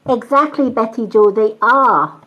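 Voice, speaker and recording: A woman's voice: a little high, measured pace, bright, forceful tone, muffled recording. A woman giving a live spiritual reading, chatty and reassuring, often repeating phrases and asking "right?". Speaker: psychic reader.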